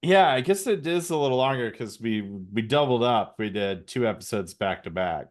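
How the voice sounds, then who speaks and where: A man's voice: medium pitch, expressive, normal speed. Sleepy rambling man co-hosting. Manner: rambling, self-deprecating, stumbling. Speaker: co-host. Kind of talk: casual comedy podcast chat.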